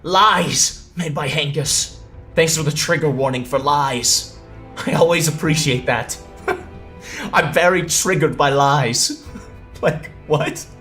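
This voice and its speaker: A man's voice: on the high side, slow pace, sharp tone, soft background music. A young man hosting a commentary video, reading a document aloud and reacting with sarcasm, swearing and laughter. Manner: sarcastic, profane, often laughing.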